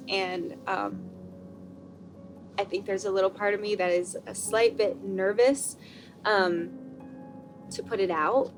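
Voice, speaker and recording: A woman's voice: medium pitch, expressive, takes it slowly, long pauses, soft background music. A young woman in her twenties, a brand founder, talking casually and openly emotional in a personal vlog.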